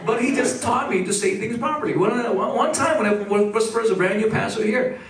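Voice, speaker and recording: High-voiced preaching man in echoey hall. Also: fairly quick, recorded from a distance. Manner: animated preaching with call-and-response. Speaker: pastor. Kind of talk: sermon. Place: church sanctuary.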